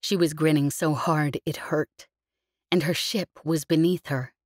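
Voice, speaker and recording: A woman narrating an audiobook with an expressive, vivid storytelling delivery. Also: deep voice, unhurried, no room sound, studio quality.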